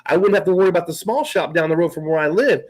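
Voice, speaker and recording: A man's voice: a little high, racing, low-quality recording. A man co-hosting a casual talk show, rambling through stories and swearing often. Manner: rambling, swears freely, trails off. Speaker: podcast co-host. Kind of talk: casual chat.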